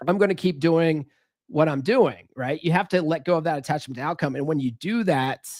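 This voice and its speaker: A man talks alone in a loose, rambling way, cursing freely and catching himself mid-sentence. His voice sits a little high for a man. The sound is dry and close, with no room around it. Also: a little fast, darkish tone, no echo. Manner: rambling, profane, self-interrupting. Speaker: podcast host and relationship coach. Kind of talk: casual solo monologue.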